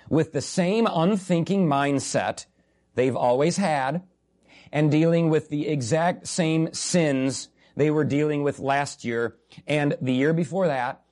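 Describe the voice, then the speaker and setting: A man's voice: on the high side, darkish tone. A man preaching a sermon earnestly and emphatically, repeating key phrases and slipping in humorous asides.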